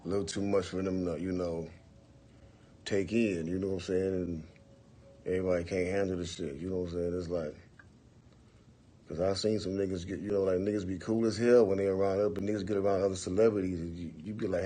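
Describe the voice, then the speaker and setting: A man's voice: sits low, flat delivery, fairly quick, dark tone. A man hosting a phone livestream, telling stories to his viewers in a laid-back, profane way, often saying "for real" and "you know what I'm saying". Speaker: livestream host. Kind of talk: casual storytelling to viewers.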